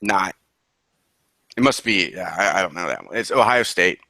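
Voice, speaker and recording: A man's voice: low-pitched, lively intonation, moderate pace, pushed and bright, no echo. A man co-hosting a casual podcast while sick. He swears freely, laughs often and sounds mock-incredulous. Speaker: podcast co-host. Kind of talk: casual chat.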